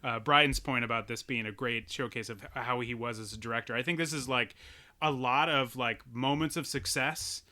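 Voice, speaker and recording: A man co-hosting a podcast, talking casually and animatedly about a film, with lots of restarts and quick laughs. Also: mid-range voice, fairly even intonation, bright, forceful tone. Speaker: podcast co-host.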